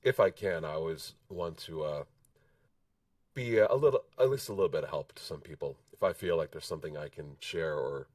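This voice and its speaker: A man with a husky voice, hoarse from a cold, chatting modestly as a guest on a livestream and pausing often with fillers. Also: very deep voice, a little mellow, dry recording, distant mic. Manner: modest, halting with frequent fillers. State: hoarse from illness. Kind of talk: casual chat.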